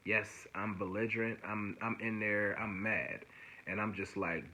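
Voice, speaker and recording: A man telling a story in a casual vlog. He rambles with lots of fillers and retells events in an animated, exasperated way. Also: on the low side, unhurried. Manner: rambling, heavy fillers, frequent "you know what I'm saying". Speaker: vlogger.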